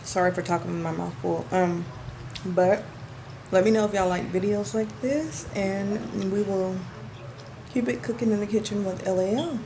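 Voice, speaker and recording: A woman's voice: medium pitch, normal speed, background noise. A woman chatting casually to viewers while cooking in her home kitchen, calling them y'all. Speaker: cooking vlogger.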